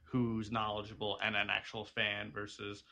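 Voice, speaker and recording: A man's voice: fairly low pitch, monotone, normal speed, creaky, sharp tone. A man in casual podcast chat, upbeat as he talks about his web series.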